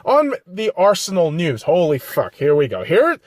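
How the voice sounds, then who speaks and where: A man's voice: on the high side, big pitch swings, moderate pace, a little mellow, dry recording, clean studio sound. A man hosting a solo podcast, ranting profanely and criticizing himself between blunt pep-talk asides. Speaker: podcast host.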